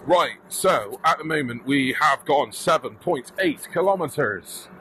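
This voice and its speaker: A British man with a light, high-pitched voice tells a story casually while riding along a bike path outdoors. He is animated, swears freely and acts out the other people in his story. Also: a little slow, a little hiss or hum, rough recording. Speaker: electric bike vlogger.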